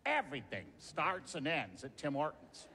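A hearty mayor, greets his townsfolk in a booming, folksy voice that leaps up and down. The voice sits fairly high and rings out in a long reverberant hall, with a faint hiss underneath. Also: huge pitch swings, normal speed, sharp tone, full character voice. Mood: jolly. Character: hearty small-town male mayor, chummy. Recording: reverberant stage recording, faint noise.

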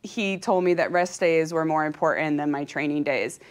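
A woman from California giving a motivational talk to an audience, energetic and chatty, laughing often and speaking with open feeling. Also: deep voice, normal speed. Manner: emotional and openly heartfelt. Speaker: professional cyclist giving a talk.

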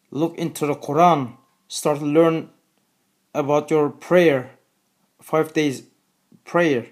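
A man with a Turkish accent, a native Turkish speaker, talking earnestly to the camera in a video, repeating his phrases slowly and deliberately. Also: a little high, a little mellow. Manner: earnest, repetitive, slow and deliberate. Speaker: video host. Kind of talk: religious appeal to camera.

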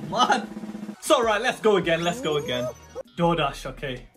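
Excitable young man with a lively voice. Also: a little high, moderate pace. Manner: excitable, swings from muttering to shouting. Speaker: gaming YouTuber. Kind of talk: live gameplay commentary. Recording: music playing under the voice.

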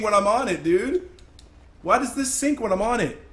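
A young man giving live gameplay commentary as a streamer, excitable, breaking into yells and laughs. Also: sits high, a little fast, a little hiss or hum. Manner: excitable, yelling and laughing in bursts. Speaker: gaming streamer.

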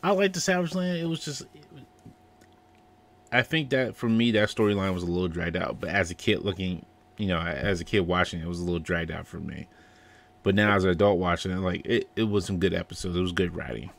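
Male co-host, lower pitch, easygoing, laughs a lot, casual banter. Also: brisk, vocal fry. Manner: laid-back, laughs often, acts out scenes. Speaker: podcast co-host. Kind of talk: casual rewatch commentary.

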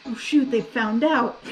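An excitable woman narrating her let's play in a rather high voice, over faint game music. She gushes and jokes as she reads through the dialogue. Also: poor audio. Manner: excitable, gushing, playful. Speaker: gamer playing through a game. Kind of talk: let's play commentary, reading dialogue aloud.

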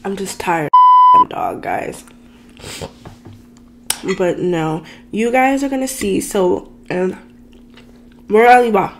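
A woman's voice: mid-range voice, expressive, slow, long pauses, background noise. A woman vlogger telling a dramatic personal story in a chatty, ranting way, talking straight to her viewers. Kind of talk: casual storytime rant.

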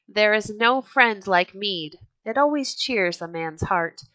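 A woman's voice: mid-range voice, animated, slow, bright, forceful tone, no echo, rough recording. A woman reading the lines of a bold, hot-tempered but jovial red-bearded Viking chieftain in a hearty, boastful storybook manner. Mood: boisterous.

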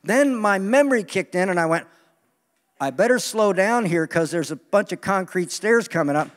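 Man, sermon, lively and joking, high voice, long hall echo. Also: normal speed. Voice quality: animated, joking, acts out quoted voices. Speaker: preacher. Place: large meeting hall.

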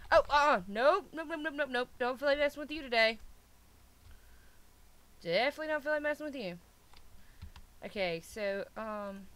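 A gaming video host, a young woman with a slightly high, somewhat bright, clean-toned voice, chats casually while she plays. She's playful and self-mocking and keeps scolding her pets.

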